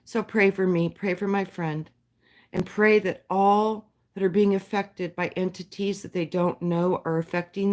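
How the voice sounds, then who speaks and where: Woman on a livestream, soft and heartfelt, thanking viewers by name, spiritual chat. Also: lowish voice. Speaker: livestream host.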